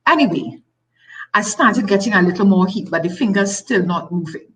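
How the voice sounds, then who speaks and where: A woman's voice: medium pitch, moderate pace, low-quality recording. Emphatic Tobagonian woman telling her story. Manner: emphatic, repeats phrases, animated storytelling. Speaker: guest. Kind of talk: personal story in a talk show interview.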